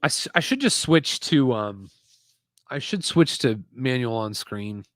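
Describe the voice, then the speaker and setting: A man in the middle of his range hosts a relaxed live build from his desk, chatting and rambling as he goes. He reads viewer comments aloud between thoughts. The sound is dry, with little room in it. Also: mid-range voice, measured pace, no room sound. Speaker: live-stream host building toy sets. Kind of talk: casual live-stream chat. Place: home desk setup with screens.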